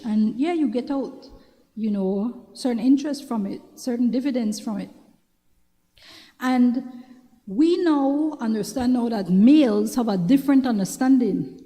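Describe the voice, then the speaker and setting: A woman's voice: fairly high pitch, warm tone. A woman with a Belizean accent hosting a talk show, giving casual advice in a chatty way, often repeating herself and asking if you understand. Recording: long reverberant room sound.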